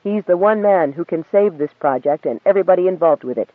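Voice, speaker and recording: Guy doing a frantic young captain, begging for help, kinda high, tinny phone sound. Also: animated, quick pace, dry recording. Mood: pleading. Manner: urgent, agitated pleading. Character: desperate young male captain, pleading.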